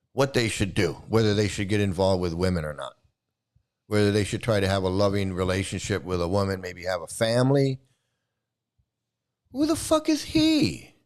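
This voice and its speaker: A man's voice: fairly low pitch, moderate pace, a little mellow. A man hosting a commentary channel, giving an angry, profane and mocking rant. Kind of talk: ranting commentary.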